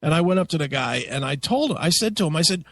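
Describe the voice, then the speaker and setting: A man with a fairly high speaking voice tells a story in a casual, profane and animated way as a radio talk show host. The sound is dry and close. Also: quick pace, no echo. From United States. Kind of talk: casual chat.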